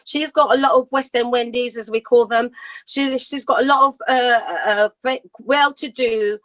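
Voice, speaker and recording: A British woman in her fifties, a singer telling rambling, lively stories in a casual interview and laughing often. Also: on the high side, moderate pace, dry recording. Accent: British English. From Britain. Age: 50s. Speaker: singer guest. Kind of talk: casual storytelling chat.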